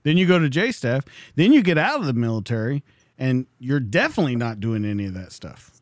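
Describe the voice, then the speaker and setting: A man hosts a casual interview and keeps it joking and relaxed. His pitch moves around a lot. The recording is dry and close, with no room sound. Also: brisk, dry recording. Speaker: podcast host.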